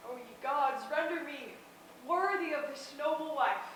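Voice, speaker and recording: A woman playing Brutus, a troubled and gentle Roman lord in an outdoor stage play, speaking in a weary, tender way. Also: sits high, a little slow, slight background noise. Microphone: far camera. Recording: distant, echoey open-air stage recording.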